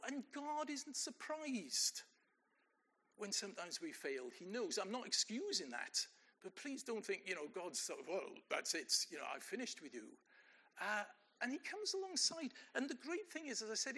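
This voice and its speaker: Lively high-voiced older male preacher. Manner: conversational, asks the congregation rhetorical questions. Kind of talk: sermon.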